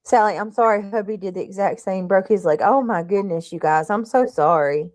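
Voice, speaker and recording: A woman's voice: medium pitch, brisk, a little mellow. A woman hosting a livestream, chatting casually and reading out her viewers' comments as she greets them. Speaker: livestream host.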